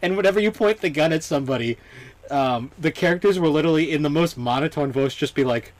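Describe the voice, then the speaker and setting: Here a young man on a casual gaming podcast talks fast in a high-leaning, expressive voice. As co-host he chats loosely, full of fillers and frequent laughter.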